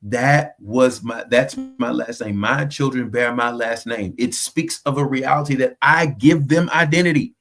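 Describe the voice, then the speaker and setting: A man's voice: medium pitch, unhurried, few pauses, fairly bright tone, faint music behind. Earnest man hosting a faith podcast. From United States. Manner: earnest, emphatic, preacherly. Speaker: host.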